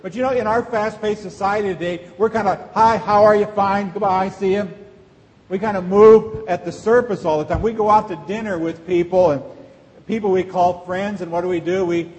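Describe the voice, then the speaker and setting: Middle-aged pastor guy preaching, kinda high voice, asks the crowd questions, big echoey church. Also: steady tone, brisk, a little mellow. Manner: conversational preaching with rhetorical questions. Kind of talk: sermon. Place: church sanctuary. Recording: long reverb of a large church hall.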